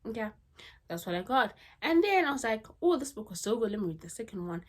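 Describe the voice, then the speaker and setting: A woman book vlogger talking casually to her camera at home, chatty and animated, with asides and rants. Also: on the high side, fast. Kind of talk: casual chat.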